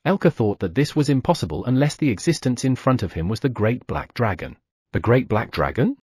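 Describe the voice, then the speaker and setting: Husky male audiobook narrator. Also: medium pitch, fairly quick, no room sound, clean studio sound. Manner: lively storytelling with voiced sound effects. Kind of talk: scripted narration.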